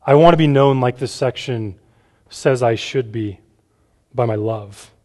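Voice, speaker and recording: A pastor speaks to a gathered room in a relaxed, conversational way, often checking in with "right?" and repeating words as he goes. His voice sits at an ordinary middle pitch for a man. A long reverb trails after each phrase, as in a large hall. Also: a little slow. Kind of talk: conversational sermon. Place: church room with a gathered audience.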